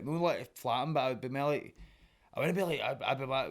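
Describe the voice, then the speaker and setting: A man's voice: mid-range voice, animated, quick pace. A young man with a Glaswegian accent, a guest in a casual podcast conversation, rambling and swearing as he talks. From Scotland.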